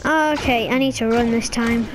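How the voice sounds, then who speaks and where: A woman chats casually and excitedly while playing a video game, breaking now and then into sudden high squeals. She speaks at a normal speed, with slight background noise behind her.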